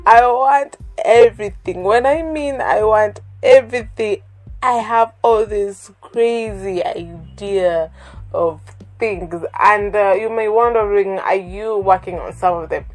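A woman's voice: medium pitch, slow. A woman hosting her own podcast in a candid, emotional monologue, repeating words and swearing freely. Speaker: podcast host.

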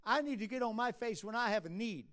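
High-voiced preacher man, conversational. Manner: conversational preaching, rises to emphatic, drops low and soft at asides; halting restarts and drawn-out uh fillers. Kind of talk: sermon. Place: church conference.

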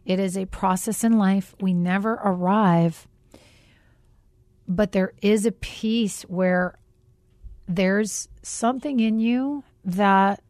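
A woman hosting a faith podcast, telling a personal story in an earnest, reflective way with pauses. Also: mid-range voice, a little mellow, no echo, clean studio sound. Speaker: podcast host.

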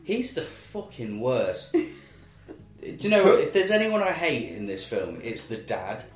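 A man's voice: medium pitch, big pitch swings, measured pace. A man co-hosting a podcast who makes blunt, grumbling put-downs of a film. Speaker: podcast co-host. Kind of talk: casual chat. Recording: echoey room, faint music.

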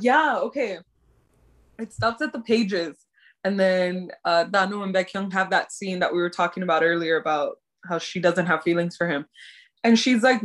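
A young woman casually recapping a drama episode, expressive, swearing and laughing often. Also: mid-range voice.

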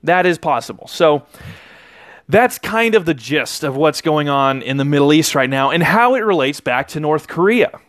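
A man's voice: fairly high pitch, expressive, normal speed, fairly bright tone, no room sound, clean studio sound. A man hosting a podcast, talking through political commentary in a casual monologue and often correcting himself as he rambles. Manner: rambling, with frequent self-corrections. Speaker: podcast host.

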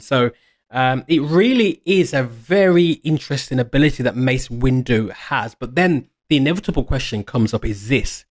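Rambling enthusiastic man explaining fan lore. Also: mid-range voice. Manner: meandering, restarts mid-phrase, enthused. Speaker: fan commentator. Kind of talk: casual fan explainer monologue.

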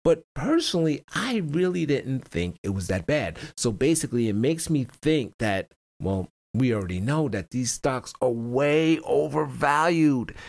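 A man's voice: mid-range voice, gravelly. A man hosting a casual stock-trading video, talking over his screen in a rambling way, often repeating words, backtracking and chuckling between points. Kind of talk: casual screen-share market commentary.

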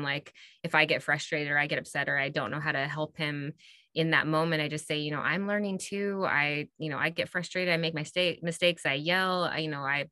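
A woman in her thirties co-hosts a relaxed parenting podcast. Her voice is notably low yet bright and forceful, and she tells stories animatedly, padding them with "like" and "you know". The sound is dry and close. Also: no room sound. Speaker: podcast co-host. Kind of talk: casual chat.

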